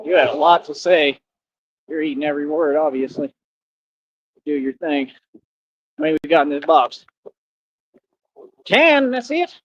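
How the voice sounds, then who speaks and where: A costumed street streamer walks outdoors while live-streaming, chatting in a rambling, laid-back way as traffic passes. His voice is a little high, and the recording sounds muffled.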